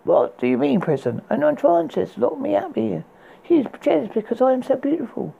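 A man's voice: very high voice, very animated, fairly quick, gravelly, warm tone, breathy edge, highs cut off, pitched above the performer's own voice, exaggerated voice. A man reading aloud and voicing a beautiful young woman locked in a tower, pert and saucy in a raised voice. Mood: pleading.

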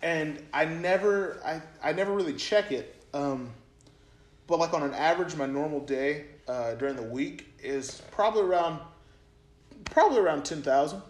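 A man's voice: fairly high pitch, moderate pace. Rambling young man in an echoey room. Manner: rambling, many fillers and repeats. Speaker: podcast co-host. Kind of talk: casual storytelling chat. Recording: roomy echo.

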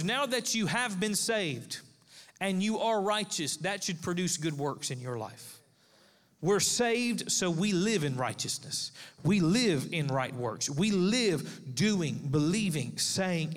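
A man delivers a sermon, building his points through emphatic repetition. His voice sits slightly high for a man. The sound rings out with a long reverb from a large church hall. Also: animated, measured pace. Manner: emphatic preaching with repeated phrases. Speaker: pastor.

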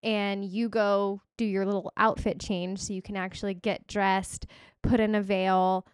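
A woman co-hosting a podcast, talking in a chatty, animated way full of "like". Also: medium pitch, measured pace, clear, resonant tone, no room sound, clean studio sound. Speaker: podcast co-host. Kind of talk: casual chat.

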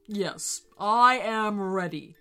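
A woman voicing a greedy male dragon in a storybook reading, booming and slow. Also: sharp tone, smooth, soft background music. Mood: pleased.

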